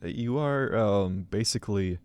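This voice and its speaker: A man's voice: fairly low pitch, measured pace, a little mellow, clear, resonant tone, no room sound. A young man co-hosting a podcast, telling playful, rambling stories full of fillers in casual chat. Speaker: podcast co-host.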